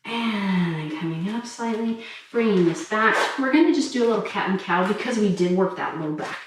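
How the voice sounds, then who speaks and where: A woman fitness instructor calmly talking listeners through a stretching cool-down while doing it herself. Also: mid-range voice, normal speed, noisy background. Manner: calm, encouraging cues while demonstrating stretches. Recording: very echoey room, mic far off.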